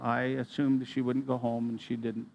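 A middle-aged man preaching a sermon, telling a personal story in an earnest manner and often clearing his throat. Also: medium pitch, little pitch movement, normal speed, a little mellow, a little hiss or hum.

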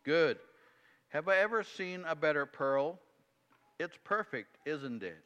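A man's voice: a little high, animated, slow, a bit bright, lo-fi sound. A man reading an earnest pleading friend. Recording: long hall reverb.

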